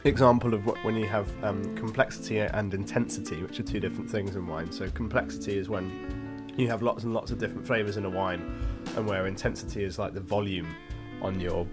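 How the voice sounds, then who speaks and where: A man's voice: lowish voice, steady tone, fairly quick, over loud music. A man co-hosting a podcast, bemused in banter and explaining wine at length. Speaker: podcast co-host, wine fan. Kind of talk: casual banter.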